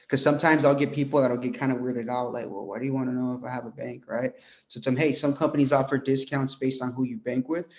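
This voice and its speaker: A young American man training insurance agents, animated and full of "right?" as he role-plays his pitch. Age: young adult. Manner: animated, peppers talk with "right?" and "bro". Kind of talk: sales coaching talk with role-played pitch. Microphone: group call. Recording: dull lo-fi call audio.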